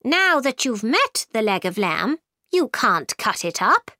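A woman's voice: fairly high pitch, big pitch swings, unhurried, sharp tone, no echo, clean studio sound, heavily acted. A woman voicing a bossy, imperious queen who gives commanding, clipped orders in a storybook reading.

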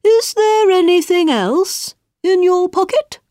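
A self-important dodo bird from a children's tale, fussy and officious, as a woman reader puts him on. The voice is high and swooping, delivered slowly. It is recorded close and dry. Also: expressive, warm tone, no echo, exaggerated voice.

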